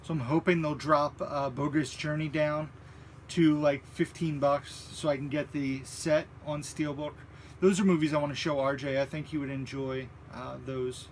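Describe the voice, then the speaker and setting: A man co-hosting a movie live stream, chatting in a relaxed, hesitant way and reading out viewer questions. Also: on the high side, moderate pace, slight background noise.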